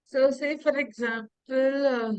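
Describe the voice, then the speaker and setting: A woman's voice: sits high, steady tone, measured pace, darkish tone, clean tone, no room sound, dull audio. A woman host interviewing a guest, asking questions politely with many hesitations. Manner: hesitant, full of uh fillers, polite. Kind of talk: online interview.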